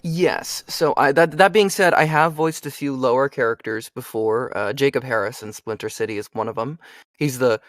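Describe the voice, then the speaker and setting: Guest slot: young male voice actor, animated and chatty, dry close recording. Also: medium pitch, moderate pace, few pauses, no echo. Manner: animated, chatty, frequent fillers. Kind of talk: casual interview chat.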